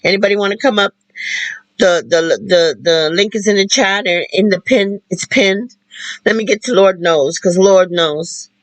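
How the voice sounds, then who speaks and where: A livestream host talking while in tears, halting and repeating phrases. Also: mid-range voice, no echo, poor audio. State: tearful. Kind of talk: emotional spoken-word livestream talk.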